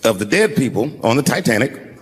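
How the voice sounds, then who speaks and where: A man's voice: mid-range voice, fairly quick. A man in his fifties doing stand-up, his voice swinging widely up and down as he tells his stories. He sounds conversational and loose. The sound carries a long hall reverb, with a faint room hum underneath. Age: 50s. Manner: conversational, animated storytelling with sudden voice shifts. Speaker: stand-up comedian. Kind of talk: stand-up routine. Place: large live venue with audience.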